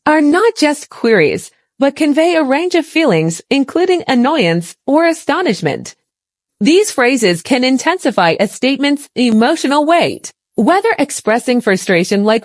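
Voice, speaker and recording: High, lively woman teaching English. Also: normal speed, dry recording, studio quality. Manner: clear, explanatory delivery with spoken example phrases. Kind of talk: scripted lesson narration.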